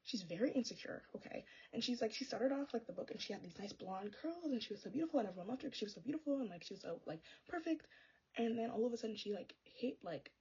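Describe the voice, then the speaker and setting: Sassy fast-talking young woman. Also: on the high side, animated, darkish tone, highs cut off, a little hiss or hum. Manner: sassy, exasperated, fillers of "like". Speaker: book vlogger. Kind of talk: casual chatty book review.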